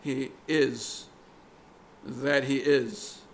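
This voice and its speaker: A man preaching a sermon in a deliberate, earnest way, pressing hard on key words. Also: mid-range voice, steady tone, a little hiss or hum.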